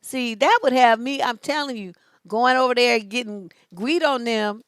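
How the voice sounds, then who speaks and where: A woman relationship coach giving casual live-stream advice, sassy and animated, laughing often as she talks. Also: a little high, normal speed, dry recording.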